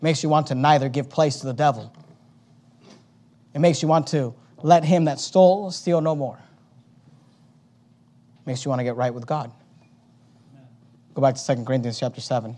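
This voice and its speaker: A man preaching a sermon, swinging between loud emphatic surges and quieter explaining, with lots of repetition. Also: medium pitch, moderate pace, pauses often. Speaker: pastor.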